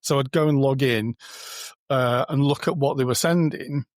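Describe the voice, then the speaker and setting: A man's voice: medium pitch, normal speed, no echo. A man, a guest on an interview podcast, talking in a chatty, informal way and acting out little quoted exchanges. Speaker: podcast guest, booking company co-founder. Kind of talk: casual conversational interview.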